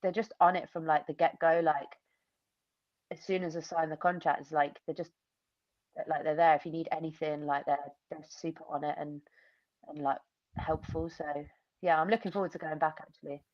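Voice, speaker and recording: Chatty young woman, rambling and animated. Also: low voice, moderate pace, no room sound, muffled recording. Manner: rambling, animated storytelling with many fillers and acted-out quotes. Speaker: MMA fighter, interview guest. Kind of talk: casual interview chat.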